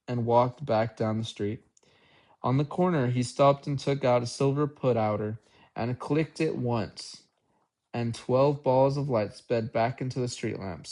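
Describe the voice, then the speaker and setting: Male amateur audiobook narrator, unhurried, mid-pitched voice. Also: darkish tone. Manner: unhurried, occasional slips and restarts. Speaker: audiobook reader.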